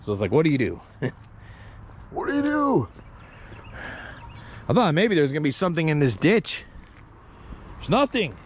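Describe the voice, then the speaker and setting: A man vlogging as he explores outdoors, excitable and joking, swearing and easily startled. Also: a little high, fairly quick, pauses often, a little hiss or hum. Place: outdoors, roadside ditch and bushes.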